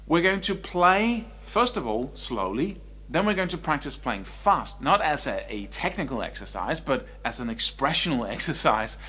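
Animated male guitar teacher. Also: a little high, normal speed, husky. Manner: animated, swings between quiet and loud speech to demonstrate. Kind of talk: online music lesson.

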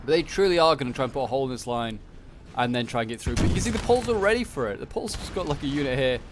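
A man's voice: medium pitch, expressive, rapid-fire, noisy background. A man casually commenting on a strategy game battle, rambling with lots of fillers. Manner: chatty and rambling, many fillers like "like" and "uh". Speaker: gameplay commentator.

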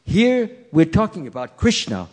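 A man giving a sermon, telling a story in an animated way and acting out its scenes, recorded in a temple hall. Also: fairly high pitch, moderate pace. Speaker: preacher. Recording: reverberant hall.

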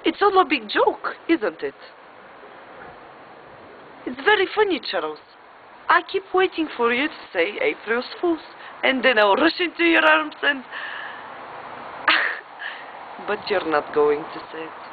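A woman's voice: high-pitched, sing-song, unhurried, long pauses. A woman acting a stage monologue as a jilted wife who swings between sarcastic jokes and tearful pleading with her husband. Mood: laughing through tears. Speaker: actress performing a monologue. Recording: tinny phone-like audio with background noise.

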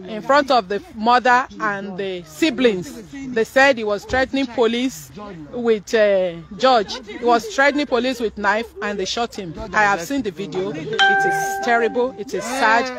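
A woman's voice: on the high side, a little slow. A Nigerian woman live-streaming from a street scene, shaken and tearful, speaking urgently, repeating herself, and switching into Yoruba. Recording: crowd noise outdoors.

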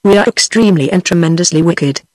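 A woman's voice: lowish voice, quick pace, a little mellow, no echo, natural voice. A woman with a British English accent, a synthetic voice, reading the lines of a pompous, courteous Italian bandit man in a storybook. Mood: grand. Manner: formal, flowery speech.

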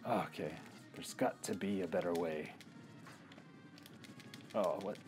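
Here a man with a low pitch takes his time speaking over music. It's relaxed let's-play commentary on a retro game, peppered with curses, jokes to himself, and taunts at the enemies.

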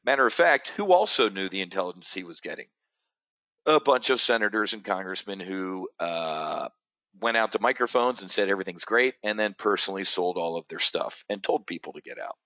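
A trading educator from the United States, seated indoors facing the camera, hosts a live options-trading brief packed with brash, boastful pitching. His voice is fairly low, bright, and forceful, with no echo in the recording.

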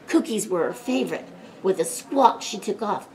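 A woman librarian reading a picture book aloud at storytime, playful and animated, putting on voices for the characters. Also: mid-range voice, moderate pace. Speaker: children's librarian.

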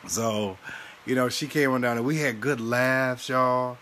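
Guy doing a casual preachy livestream, lively, laughs a lot, calls folks baby, mid pitch. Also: measured pace, a little hiss or hum. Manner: animated, laughs often, calls listeners baby and honey. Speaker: livestream host and minister. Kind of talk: casual preaching chat to live viewers.

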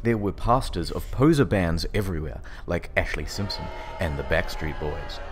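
A man hosting and narrating a comedic dramatic reading, deadpan with sarcastic swoops. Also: low-pitched, normal speed. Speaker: narrator and host. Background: music.

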